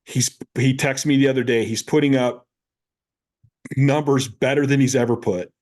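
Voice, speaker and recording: A man in his fifties, a powerlifting coach, talks casually on a podcast. He tells stories with energy and acts out both voices in the conversations he recounts, in a voice of ordinary pitch for a man. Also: moderate pace. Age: 50s. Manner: animated storyteller who acts out both sides of conversations.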